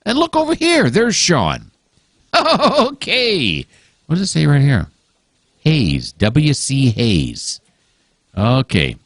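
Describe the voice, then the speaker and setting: A man's voice: a little high, huge pitch swings, takes it slowly, fairly bright tone, dry recording, clean studio sound. A man hosting casual let's-play commentary, rambling and musing aloud with many fillers and restarts. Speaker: gaming channel host.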